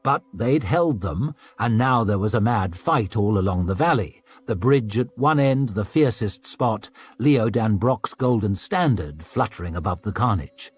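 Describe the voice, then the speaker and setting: A man narrating a dark fantasy audiobook in a dramatic reading style. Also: expressive, measured pace, hardly any pauses, husky. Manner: voices characters with raised pitch and volume.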